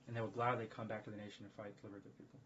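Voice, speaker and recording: A man talking casually on a livestream in a rambling, profane, excitable way. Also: lowish voice, racing, background noise. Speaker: streamer. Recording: dull lo-fi stream audio.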